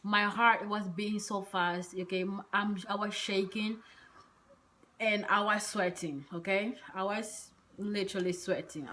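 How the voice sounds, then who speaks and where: A woman vlogger telling a personal story in a casual, rambling way, full of hesitant fillers and soft whispered asides. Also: medium pitch, measured pace, a little hiss or hum.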